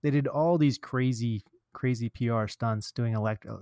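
A man hosting a marketing podcast in casual chat, tossing in quick jokes and asides. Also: medium pitch, warm tone, dry recording, studio quality. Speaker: podcast host.

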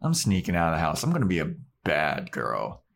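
A man playing a sulky teenage girl with a short fuse, snapping and swearing at everyone in rapid bursts. She speaks fast and rather low for a girl, in the style of a podcast retelling. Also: wildly swooping pitch, creaky, exaggerated voice. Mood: annoyed. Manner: snappy and exasperated.

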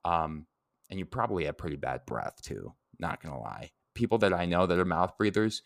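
Low-voiced guy rambling through an anatomy lesson, dry close sound. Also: sing-song, a little fast, creaky, no echo. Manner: conversational, rambling with fillers and self-corrections. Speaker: anatomy and etymology instructor. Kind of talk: casual podcast lecture.

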